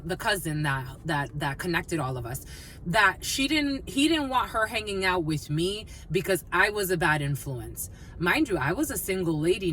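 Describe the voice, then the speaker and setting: A woman giving a casual collective tarot reading, mixing personal stories with blunt, animated talk and plenty of swearing. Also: fairly low pitch, slight background noise. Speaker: tarot reader.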